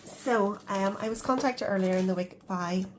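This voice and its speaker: A woman's voice: medium pitch, moderate pace, slight background noise. A woman chatting casually in a budgeting vlog, counting cash aloud and laughing at herself. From Scotland. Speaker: budgeting vlogger.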